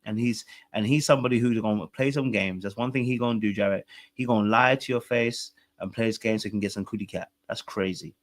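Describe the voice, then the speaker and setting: A man's voice: on the low side, steady tone, fast talker, few pauses. A man co-hosting a podcast, recapping a reality show in casual chat, blunt and emphatic, repeating his points for effect. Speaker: podcast co-host.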